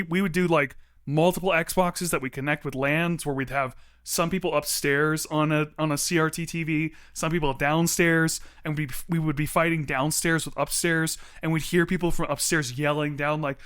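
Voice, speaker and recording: Excited young man listing favorites. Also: fairly high pitch, moderate pace, few pauses, clear, resonant tone. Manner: enthusiastic, rattles off lists. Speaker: podcast co-host. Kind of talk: casual chat.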